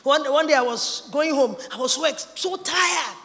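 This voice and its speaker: Her high, bright, forceful voice rings through a large, reverberant hall as she delivers a sermon at normal speed. The preacher is emphatic and lively, slipping now and then into mimicry of other people.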